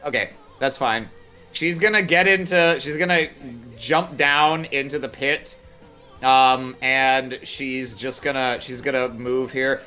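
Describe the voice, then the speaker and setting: A man's voice: medium pitch, steady tone, slow, bright, forceful tone, faint music behind. A man playing a tabletop game, thinking aloud about his turn and muttering in frustration. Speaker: player. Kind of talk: casual chat at a tabletop game.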